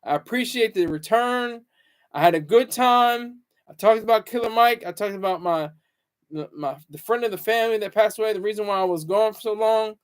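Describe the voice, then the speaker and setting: A man with a notably high voice for his sex holds a solo talk-show monologue. He talks in a halting, wandering way, often restarting words and leaning on fillers, with an earnest, reflective tone. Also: smooth. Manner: halting and rambling, repeats words, many fillers. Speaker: show host.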